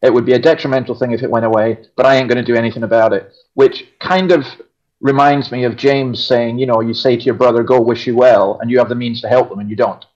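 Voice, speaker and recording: A Scottish pastor talks with firm conviction, pressing his points hard and now and then turning a wry joke on himself. His voice sits at an ordinary middle pitch. The recording is a little dull and lo-fi. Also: steady tone, fast talker, darkish tone. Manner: emphatic, opinionated, self-deprecating humor. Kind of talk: casual radio chat.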